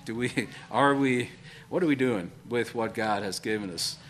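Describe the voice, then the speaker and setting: Halting male preacher asking questions. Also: medium pitch. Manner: halting, questioning, many fillers. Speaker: pastor. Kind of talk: sermon.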